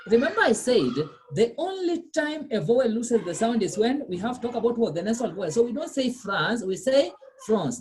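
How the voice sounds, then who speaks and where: A woman's voice: a little high, darkish tone, a little hiss or hum. A woman teaching French pronunciation over a video call, patiently repeating and checking that students follow. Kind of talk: online class teaching.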